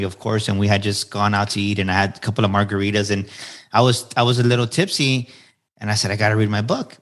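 A man's voice: fairly low pitch, fairly bright tone. A man in his forties, a podcast guest, telling his story in an earnest, motivational way and repeating phrases for emphasis. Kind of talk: candid storytelling interview answers.

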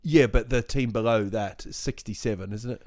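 A man's voice: lowish voice, moderate pace, a little mellow. A man in a casual football chat, talking in a rambling way with many restarts.

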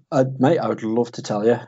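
A man's voice: mid-range voice, moderate pace, a little mellow, breathy edge, lo-fi sound. A man co-hosting a podcast, in rambling, jokey banter that often trails off. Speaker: podcast co-host.

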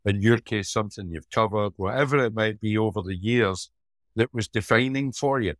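Lower-voiced Scottish man, joking storyteller. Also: moderate pace, no echo. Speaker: podcast co-host, former police officer. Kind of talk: casual chat and storytelling.

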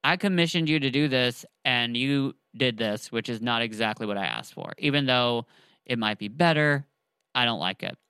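A man's voice: medium pitch, normal speed, sharp tone, smooth, dry recording, low-quality recording. A man voicing a fussy client who is displeased with commissioned work. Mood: complaining. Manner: complaining.

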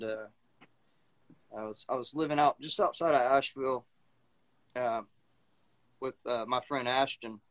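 A male guest musician on a relaxed stream, talking in a middle pitch. He stammers and restarts his sentences often and laughs along as he tells stories. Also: dry recording. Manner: stammering, repeats himself, laughs easily. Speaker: guest singer-songwriter. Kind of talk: casual chat on a live music stream.

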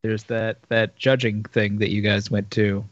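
A man's voice: lowish voice, level tone, measured pace, no echo. A man co-hosting a podcast, chatting casually and cracking jokes. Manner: jokey, acts out quotes. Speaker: podcast co-host. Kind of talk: casual chat, joking asides. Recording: dull, muffled mic.

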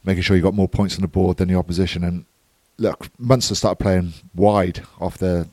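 Man, low voice, dry close mic, analytical podcast co-host, steady recap. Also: moderate pace, no room sound. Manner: matter-of-fact match recap, steady and analytical. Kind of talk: casual sports analysis chat.

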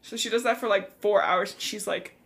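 Young woman podcaster rambling through a chapter recap, says like a lot, swears a bit, mid pitch. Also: steady tone, a little fast, fairly bright tone. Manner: chatty, frequent "like", swears casually, acts out characters' lines. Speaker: podcast co-host. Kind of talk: casual book recap chat.

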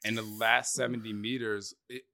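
Bright, eager male interviewer. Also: fairly low pitch, little pitch movement, normal speed, gravelly, no room sound, studio quality. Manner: enthusiastic, eager to jump in. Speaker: interviewer host. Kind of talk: casual interview chat.

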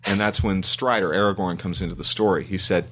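Deep-voiced man chatting with many ums. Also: fairly even intonation, fairly quick, fairly bright tone, a little hiss or hum. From Canada. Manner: rambling with many ums and restarts. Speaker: guest screenwriter. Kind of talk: casual interview chat.

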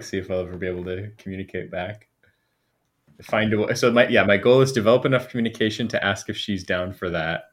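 A man with a somewhat low voice chats as a player in a tabletop game. He is casual and a little hesitant, working out his plans as he speaks. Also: fast.

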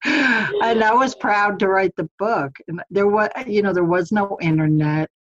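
A woman's voice: mid-range voice, a little slow, lo-fi sound. A middle-aged woman guest chatting in an interview, laughing often with frequent ums and restarts. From United States. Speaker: podcast guest, publisher. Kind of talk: casual interview chat. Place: home in the mountains of Colorado.

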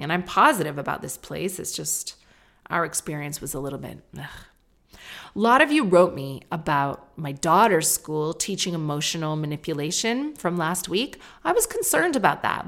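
Chatty woman with a low voice. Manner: chatty, candid storytelling with sudden jumps in pitch and loudness; acts out other people's voices in her anecdotes. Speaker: podcast host. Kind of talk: casual monologue podcast.

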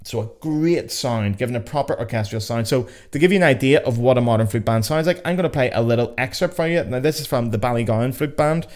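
Here a young Belfast-accented man from Northern Ireland talks fast with hardly any pauses, his mid-range voice darkish in tone. As host of a casual educational podcast, he's chatty, jokes and swears freely, using a podcast mic.

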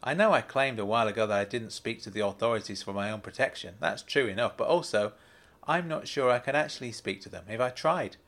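A man voicing a calm older male con artist who explains things in a measured way. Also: lowish voice. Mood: confiding.

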